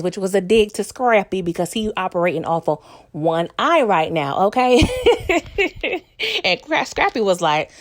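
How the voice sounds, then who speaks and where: A young woman from New York talks through a TV episode in a loose, conversational way. She laughs often, speaks straight to her viewers, and slips into the characters' voices now and then. Her voice sits at a middle pitch for a woman. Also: animated, a little slow. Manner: chatty, laughs often, addresses viewers as "y'all", acts out characters' lines. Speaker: TV episode recap vlogger. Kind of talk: casual chatty episode recap.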